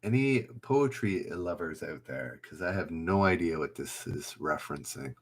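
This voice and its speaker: A deep, expressive male voice at a moderate pace belongs to a trivia livestream host. He runs a casual live quiz, reading questions aloud, calling out players, and chatting away while poking fun at himself.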